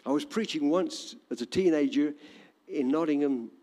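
A man's voice: a little high, moderate pace, dark tone, in a large hall. An older man with an English accent preaching a sermon in an emphatic, repetitive cadence. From England.

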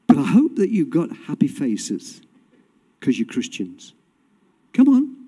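A man preaching a sermon with passion, swinging from loud cries to quiet, low tones. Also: huge pitch swings, a little slow. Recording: long hall reverb.

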